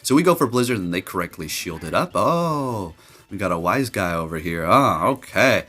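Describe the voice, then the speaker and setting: A man giving casual, jokey commentary over his gameplay, getting loud and excited and laughing at his own jokes. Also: deep voice, brisk. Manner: animated, jokey, excitable, trash-talking. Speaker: gaming commentator.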